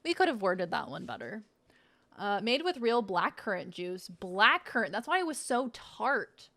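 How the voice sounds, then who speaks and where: A woman's voice: mid-range voice, big pitch swings, moderate pace, fairly bright tone. A woman streams live in an easygoing, chatty voice. She swears freely and plays around while sounding out words from packaging. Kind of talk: casual live-stream chat.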